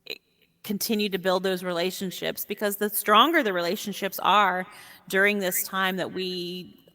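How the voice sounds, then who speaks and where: A woman speaking as an interview guest in casual chat, warm and animated and quick to laugh. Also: medium pitch. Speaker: guest, VR sport caster. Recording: long echoey reverb.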